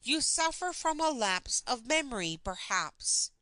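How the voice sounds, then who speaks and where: An impatient young man who presses eagerly and turns to scorn, read by a woman in an audiobook. The voice sits fairly high and swings widely in pitch. It comes across dry and close, with nothing around it. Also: big pitch swings, measured pace, sharp tone, dry recording, full character voice. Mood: mocking. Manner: urgent, scornful. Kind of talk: audiobook character reading.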